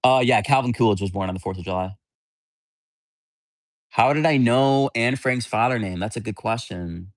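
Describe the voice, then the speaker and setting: A man's voice: mid-range voice, moderate pace, pauses often, dry recording, clean studio sound. A man hosting a livestream, chatting casually with viewers in a candid, rambling, blunt way. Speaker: livestream host.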